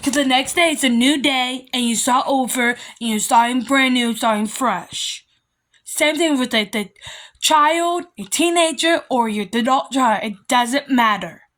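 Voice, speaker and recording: A woman's voice: sits high, unhurried, fairly bright tone. Rambling, emphatic young woman vlogger. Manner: rambling, emphatic, repeats herself. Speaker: vlogger giving parenting advice. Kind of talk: casual monologue.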